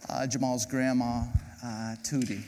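A man, a pastor, gently interviewing guests on stage during a sermon, halting with many fillers. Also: mid-range voice, little pitch movement, background noise. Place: large church auditorium with congregation. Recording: reverberant church hall with audience.

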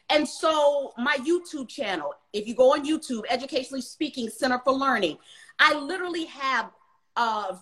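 A high-pitched woman talks directly to parents as a guest in a live interview. She is emphatic and preachy, repeating her points and addressing everyone as y'all. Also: fairly bright tone. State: emotional at times. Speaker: tutoring center owner, guest.

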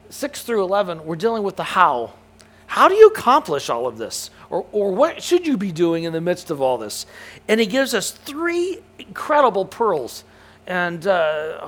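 Earnest higher-voiced male preacher. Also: fairly bright tone. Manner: earnest, emphatic, repeats words when restarting; answers questions from the room. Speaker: preacher teaching a Bible study. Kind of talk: expository sermon with congregation.

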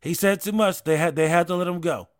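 A man's voice: sits high, fairly quick. A man in his thirties hosting a casual talk show, rambling with many restarts and frequent swearing. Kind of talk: casual chat.

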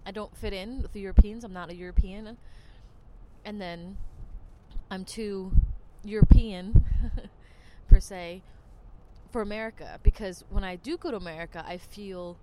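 A woman's voice: medium pitch, fairly even intonation, a little slow, very noisy. A woman with a New Jersey accent hosting a podcast, talking in a rambling, chatty way with lots of fillers. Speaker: podcast host. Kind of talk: casual monologue.

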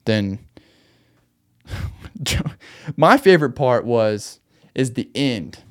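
A man's voice: mid-range voice, very animated, drawn-out words. A man hosting a podcast, retelling a Bible story in a loose, chatty way with slangy asides. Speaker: podcast host.

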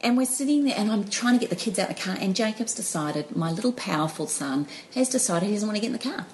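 A woman, telling stories in an animated, laughing way as a guest in a casual chat. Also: mid-range voice, fast, slight background noise, poor audio. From New Zealand. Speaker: podcast guest.

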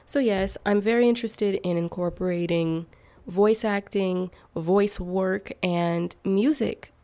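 A young woman talks casually to her channel's viewers at an unhurried pace. Her pitch sits in a middle range but leaps up on questions and asides. She laughs easily between thoughts. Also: fairly even intonation, dark tone. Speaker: YouTuber. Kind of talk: casual vlog chat to viewers.

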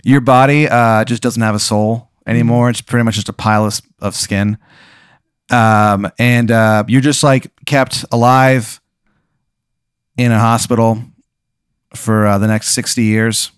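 A man's voice: mid-range voice, steady tone, measured pace, clean tone, no echo, clean studio sound. A young man hosting a podcast, casually telling an improvised crude story with lots of fillers. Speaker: podcast host.

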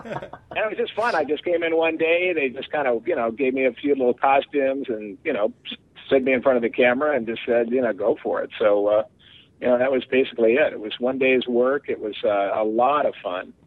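A man's voice: medium pitch, a little fast. A man being interviewed as a guest, rambling and filling his talk with "you know". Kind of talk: casual phone interview. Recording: tinny phone line.

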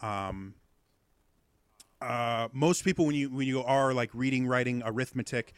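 A man's voice: medium pitch, unhurried, clear, resonant tone, no room sound. A man guesting on a podcast, explaining accents in a rambling, casual way full of ums and uhs.

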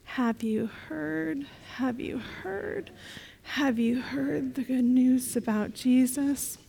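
Lady doing mary magdalene, young woman hollering her big news way up high and slow. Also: steady tone, pushed and bright, a little hiss or hum, full character voice. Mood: sad. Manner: calls out the same refrain in shifting voices.

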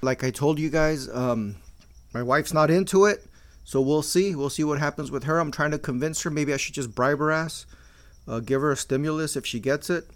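A man's voice: a little high, normal speed. An older man hosting a podcast, talking casually in a blunt, profane way and mixing in Spanish slang. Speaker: podcast host. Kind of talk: casual monologue.

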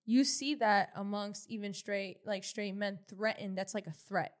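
A woman's voice: medium pitch, fairly even intonation, measured pace. A woman co-hosting a podcast, chatting bluntly with many restarts and fillers. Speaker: podcast co-host. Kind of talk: casual opinionated chat.

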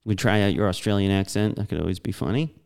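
A man's voice: fairly low pitch, fast talker, vocal fry, a little mellow, clear, resonant tone. A man co-hosting a casual podcast, tossing in playful, jokey asides. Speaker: podcast co-host.

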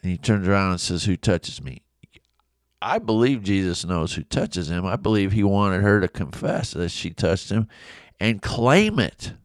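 A man whose voice sits low gives an expressive, conversational Bible lesson at a measured pace, acting out the quoted voices from the story. The audio is studio quality with no room sound.

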